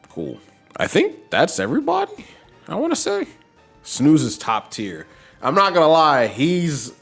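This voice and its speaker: A man streaming a game, chatting casually as he plays and talking to his team and viewers. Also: mid-range voice. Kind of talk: casual gameplay commentary.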